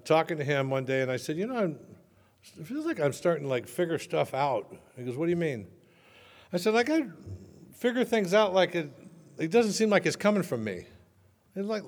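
A man's voice: on the high side, a little mellow. Man telling his story in a reverberant hall. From Southern California. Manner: conversational storytelling with self-mocking humor. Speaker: speaker sharing recovery story. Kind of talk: personal testimony talk.

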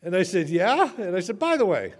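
A man's voice: sits high, huge pitch swings, fast, darkish tone. Man telling his story in a reverberant hall. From Southern California. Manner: conversational storytelling with self-mocking humor. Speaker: speaker sharing recovery story. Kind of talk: personal testimony talk.

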